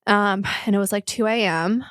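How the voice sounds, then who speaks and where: A woman's voice: medium pitch, a bit bright, no room sound. Candid, emotional young woman on a podcast. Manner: candid, halting, filler-heavy, close to tears. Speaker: guest telling her life story. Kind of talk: podcast conversation.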